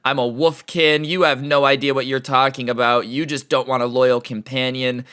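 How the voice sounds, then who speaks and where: A man's voice: mid-range voice, little pitch movement, moderate pace, bright, forceful tone, clear, resonant tone, natural voice. A man playing an indignant teen boy furry. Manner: indignant, insistent. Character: pushy teenage boy furry, insistent.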